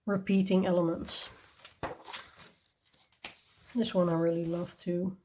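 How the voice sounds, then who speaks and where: A woman's voice: fairly low pitch, little pitch movement, slow pace, mellow, a little hiss or hum. A woman hosting her coloring channel, presenting books in a chatty, enthusiastic way, with many ums and small laughs. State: tired and yawning. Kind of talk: casual show-and-tell review.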